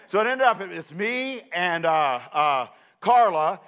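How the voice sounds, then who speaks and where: Male preacher, middle-aged, high-pitched, animated storyteller who acts out voices. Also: slow pace, clear, resonant tone. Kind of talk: sermon illustration.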